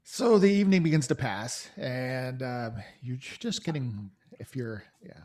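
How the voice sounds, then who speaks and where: A man's voice: medium pitch, animated, unhurried, dark tone. A man narrating as game master of a tabletop game, talking loosely with frequent restarts.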